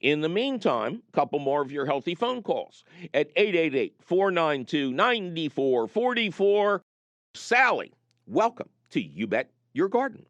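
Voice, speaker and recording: A man's voice: on the high side, measured pace, no room sound, highs cut off. A middle-aged man hosting a call-in garden radio show, chatting and telling jokey stories. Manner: lively, jokey storyteller.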